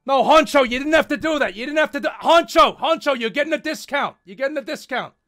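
A man streaming a game, doing a loud, goofy mob-boss act full of nonsense words. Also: very high voice, fast. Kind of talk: comedic let's-play commentary.

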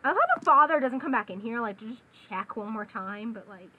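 A woman's voice: on the high side, lively intonation, a little fast, phone-quality sound. A young woman co-hosting a game playthrough, chatting casually, teasing her partner and reading the characters' lines aloud. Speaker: let's play co-host. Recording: game music behind the voice.

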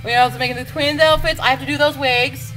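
A woman hosting a casual video diary, talking in an excitable, rambling way with quick restarts. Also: high-pitched, over music, poor audio. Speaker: vlog host.

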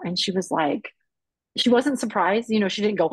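A woman tells her personal story in an earnest, animated way, often slipping into the voices of the people she quotes. Her voice is husky and a little breathy. The sound is dry and close, with no room around it. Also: medium pitch, normal speed, dry recording, rough recording. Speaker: podcast guest. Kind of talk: personal testimony in conversation.

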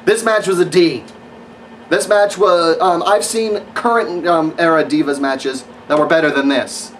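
A man's voice: a little high, unhurried, fairly bright tone, far from the mic, slight background noise, low-quality recording. A man giving a casual, rambling spoken review of wrestling matches, sarcastic and full of fillers.

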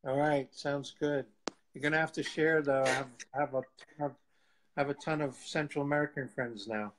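A man's voice: a little high, brisk, poor audio. A man, a guest evangelist, telling testimony stories in a casual live chat, laughing and acting out what people said. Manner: lively storyteller, laughs often, acts out quotes.

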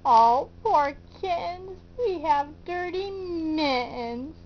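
A woman's voice: very high voice, lively intonation, very slow, slight background noise, exaggerated voice. A woman voicing a group of small childlike kittens in a simple sing-song way for a preschool story. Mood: sad. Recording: dull lo-fi recording.

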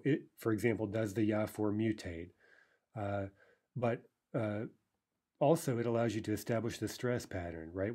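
A man's voice: on the low side, dark tone. A man teaching a recorded language lesson, explaining step by step and checking in with "right?" as he sounds out verb forms. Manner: pronounces foreign verb forms carefully.

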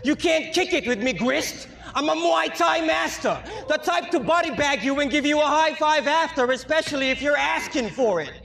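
This is a man rapping battle verses. His voice sits very high and has a gravelly, fried edge. He taunts in punchy lines and breaks into shouts. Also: lively intonation, normal speed, few pauses. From Philippines. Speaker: battle rapper.

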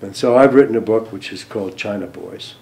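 An older American man, a former diplomat, recalling events in an interview, hesitant with many ums and restarts, trailing off softly at phrase ends. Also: fairly low pitch, a little fast, creaky. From United States. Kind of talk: interview recollection.

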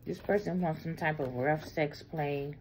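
A woman giving a casual tarot reading, talking bluntly and explicitly, swinging between loud bursts and low murmurs. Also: measured pace, a little hiss or hum. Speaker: tarot reader.

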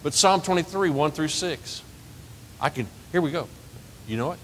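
A man preaching a sermon as pastor, lively and conversational, asking the congregation questions and laughing along with them. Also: normal speed, long pauses. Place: church sanctuary. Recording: reverberant church hall with faint rumble.

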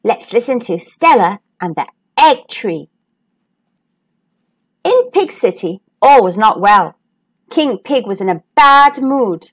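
A woman hosting a storytime channel, reading a children's picture book aloud with lively expression. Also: fairly high pitch, slow pace, long pauses, breathy edge. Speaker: storytime host.

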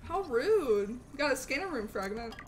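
A young woman streaming a game live, chatting with viewers in a bubbly, animated way and eagerly thanking them. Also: sits high, a little slow, a little hiss or hum. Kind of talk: live gameplay stream chat.

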